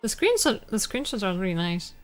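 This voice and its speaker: A young adult woman streaming live, chatting casually with viewers in a halting way, full of restarts and little laughs. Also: mid-range voice, sing-song, soft background music.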